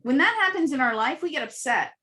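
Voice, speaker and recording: A woman telling animated anecdotes as an interview guest, acting out little voices and laughing often. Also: high voice, quick pace. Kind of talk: casual storytelling interview.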